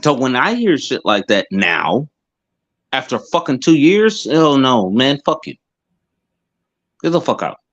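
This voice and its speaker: A man's voice: medium pitch, sing-song, a little slow, pauses often, a bit bright. A man co-hosting a casual chat, rambling through profane, heated rants. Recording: dull lo-fi sound.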